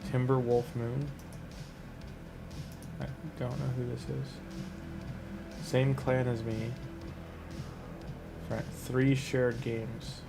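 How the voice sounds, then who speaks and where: A man's voice: medium pitch, flat delivery, drawn-out words, vocal fry, long pauses, over music. A man casually commenting a live game stream in a chatty, rambling way, talking to his chat and laughing easily.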